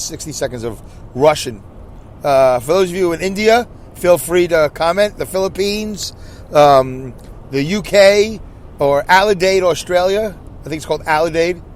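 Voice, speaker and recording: A man's voice: on the high side, slight background noise. A man hosting his own podcast in a casual solo chat, rambling and repeating himself with frequent side remarks. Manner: rambling, repeats himself, self-interrupting asides. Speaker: podcast host.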